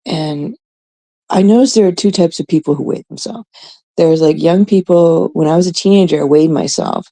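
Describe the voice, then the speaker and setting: A woman's voice: lowish voice, normal speed, warm tone, poor audio. A woman in her thirties, a host from Canada, telling a rambling, casual story full of swearing and quoted voices. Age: 30s.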